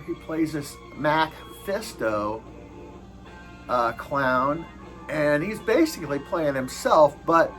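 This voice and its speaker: Hesitant, slow-talking male movie reviewer. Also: a little high, fairly bright tone, rough recording. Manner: hesitant, lots of filler sounds.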